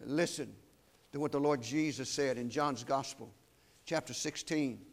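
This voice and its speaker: A man preaching a sermon, solemn and emphatic, slowing down to weigh key phrases. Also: mid-range voice.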